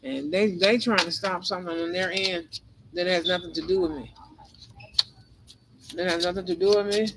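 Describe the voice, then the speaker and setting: High-voiced man giving a rambling tarot reading. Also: moderate pace, long pauses, noisy background. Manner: rambling, repeats phrases, emphatic. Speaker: tarot reader. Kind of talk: spiritual tarot reading monologue.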